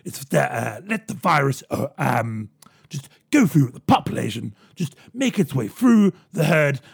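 A man voicing a blustering, stammering posh male prime minister, halting with ums and uhs. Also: medium pitch, big pitch swings, gravelly, husky, full character voice. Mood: bumbling.

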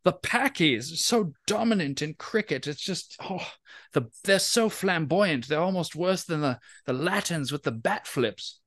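A man voicing a deadpan, oddball male caller who speaks matter-of-factly. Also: a little high, measured pace, dry recording, clean studio sound.

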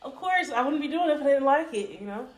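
A slightly tipsy woman from Detroit with a fairly high voice banters casually. Her talk is loose, laughing and profane. The recording bounces around an echoey room. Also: animated, fast talker, over a noisy crowd. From Detroit, USA. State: tipsy from drinking. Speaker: podcast co-host. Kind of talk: casual chat.

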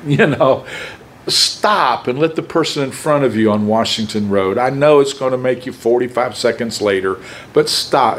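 A man preaching a sermon, emphatic and conversational, with pauses between phrases. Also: mid-range voice, a little hiss or hum.

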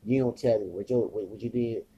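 A man's voice: on the low side, steady tone, a little fast, dark tone, husky. A man hosting a podcast, talking in a rambling, agitated monologue full of swearing and repetition. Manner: agitated, profane, repeats himself. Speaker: podcast host. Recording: dull lo-fi recording.

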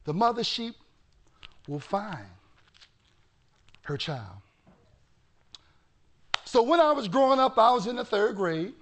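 A male pastor preaching a sermon with animated storytelling that bursts into shouting. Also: high-pitched, slow, pauses often.

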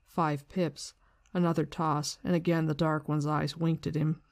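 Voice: mid-range voice, little pitch movement, measured pace, dry recording, clean studio sound. A book-discussion host retelling a story in a loose, slangy way with some swearing, switching into reading passages aloud.

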